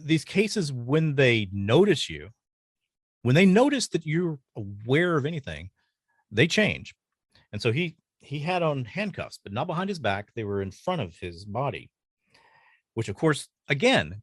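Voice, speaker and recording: A man telling a personal story as a podcast guest, earnest and halting, pausing often. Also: medium pitch, no room sound, studio quality.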